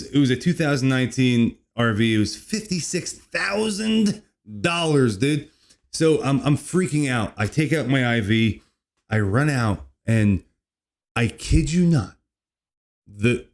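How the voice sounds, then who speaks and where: This comedy podcast host tells a wild story as a casual, rambling monologue. His pitch jumps around energetically, and "dude" comes up in nearly every line.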